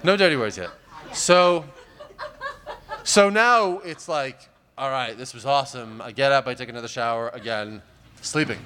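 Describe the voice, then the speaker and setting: A man's voice: medium pitch, normal speed, pushed and bright. A man doing stand-up comedy, telling a long story in a rambling, wry way with many fillers.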